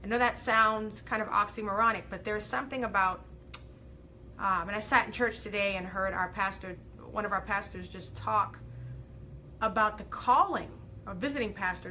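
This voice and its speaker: A woman hosting a live inspirational video, preaching with big swings from loud to soft and reading viewer comments aloud. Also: mid-range voice, slight background noise. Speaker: host of a live faith and life coaching show.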